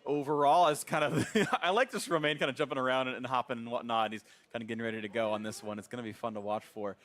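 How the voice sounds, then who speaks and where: A man casting a live esports match, energetic and joking as he introduces the teams. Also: mid-range voice, quick pace. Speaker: esports caster.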